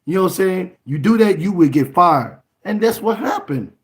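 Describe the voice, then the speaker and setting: A man preaching an emphatic sermon, repeating words and breaking into shouts. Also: sits high, lively intonation, moderate pace. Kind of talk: fiery sermon.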